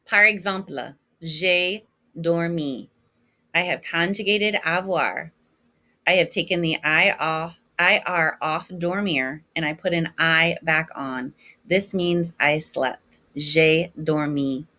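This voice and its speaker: A woman teaching a French lesson in English, slowly modeling each French form for her students to repeat. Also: on the low side, bright, forceful tone. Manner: slow, clear modeling of French forms for repetition. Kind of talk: recorded classroom lesson.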